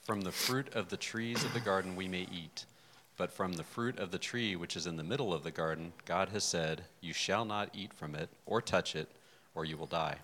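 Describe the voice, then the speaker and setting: A man from the class reading a scripture passage aloud in a steady, even way. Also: low voice, normal speed, slight background noise, rough recording.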